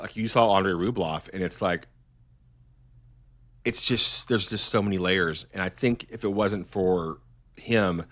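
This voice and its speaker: A middle-aged man with a fairly low voice talks as a guest in a relaxed interview. He is eager and rambling, and he often stops and restarts his sentences as he goes. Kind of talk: casual interview conversation.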